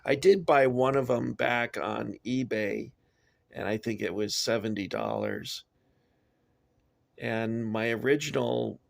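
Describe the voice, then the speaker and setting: A man's voice: lowish voice, gravelly. An older American man reviewing toys in a casual, rambling way, with frequent fillers and tangents. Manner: digressive, chatty, frequent filler words. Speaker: toy collector reviewer.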